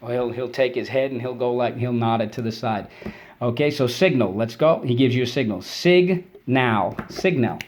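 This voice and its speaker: A man's voice: mid-range voice, moderate pace, a little mellow, slight background noise. Encouraging male teacher drilling spelling words. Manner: encouraging, drilling call-and-response; clear, patient explaining. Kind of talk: spelling and vocabulary lesson for kids.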